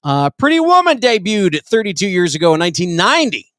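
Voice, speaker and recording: A man hosting a crude comedy podcast, reading this-day-in-history items and dropping deadpan crude punchlines. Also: high voice, fast, no room sound, studio quality.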